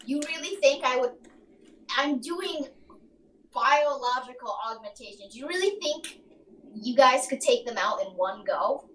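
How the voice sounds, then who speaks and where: A woman's voice: high voice, lively intonation, unhurried, a bit bright, echoey room, recorded from a distance, slight background noise, rough recording. A woman doing a smug hooded villain. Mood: taunting. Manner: taunting.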